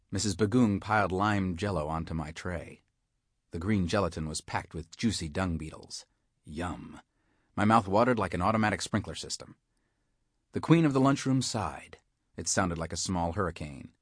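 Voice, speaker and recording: Male audiobook narrator, low-ish voice, dry close read, hard-boiled wisecracking tone. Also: lively intonation, moderate pace, dry recording. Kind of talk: scripted first-person story narration.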